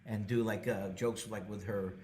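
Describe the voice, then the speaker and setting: A middle-aged male comedian telling stories as a podcast guest, animated and full of restarts. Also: normal speed, slight background noise. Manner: animated, many restarts, bursts into high character voices. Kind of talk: storytelling conversation.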